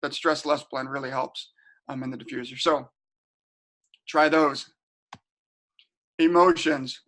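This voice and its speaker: A man's voice: mid-range voice, level tone, unhurried, bright, forceful tone. Chatty man presenting a webinar. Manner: chatty, storytelling, repeats and restarts words. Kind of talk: casual teaching talk. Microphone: home webinar setup.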